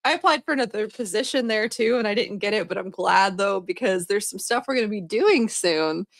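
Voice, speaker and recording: A woman's voice: medium pitch, animated, fairly quick, dry recording. A young woman co-hosting a podcast, telling a story in a rambling, laughing, apologetic way. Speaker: podcast co-host. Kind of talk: casual chat.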